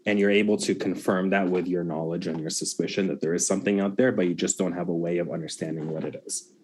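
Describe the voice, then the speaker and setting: A low-pitched man narrates as game master, laying out a gruesome scene slowly and deliberately. A faint hiss sits under his voice. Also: steady tone, darkish tone. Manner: slow, measured scene description.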